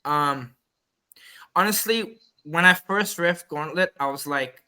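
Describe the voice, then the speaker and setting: A Caymanian flag football referee, appearing as a podcast guest, chats casually and rambles through stories, acting out his own quoted lines. His voice is fairly high, smooth and sharp-toned, at a normal speed.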